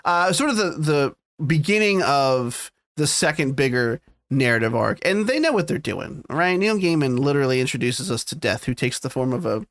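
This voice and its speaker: Podcast co-host, male, casual and animated, swears freely, dry close mic. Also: mid-range voice, moderate pace, few pauses, no room sound. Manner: animated, swearing, retells scenes. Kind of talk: casual chat.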